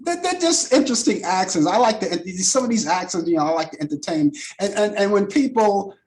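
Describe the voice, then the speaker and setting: An older man from talks in a casual radio chat, his plain in every phrase. His voice sits a bit high and swings widely up and down. He keeps repeating and restarting words as he goes. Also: expressive, brisk, a little mellow. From Brooklyn, New York. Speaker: radio co-host.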